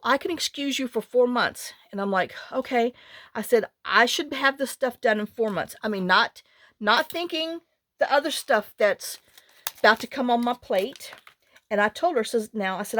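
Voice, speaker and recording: A woman's voice: a little high, normal speed. A middle-aged woman, chatting and rambling through a story as a craft channel host. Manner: rambling, animated, with many restarts and quoted dialogue.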